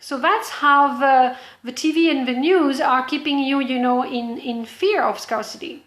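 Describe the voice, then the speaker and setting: A woman's voice: high-pitched, unhurried, fairly bright tone, reverberant. A woman business coach giving an earnest, explanatory motivational talk straight to the viewer.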